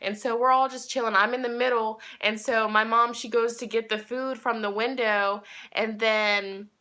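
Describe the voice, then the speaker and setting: Casting note: young woman, casual vlog storytime, chatty and rambling, bright and fairly high. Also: steady tone, moderate pace. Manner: chatty, rambling, talks to viewers directly. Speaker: tarot reader and vlogger.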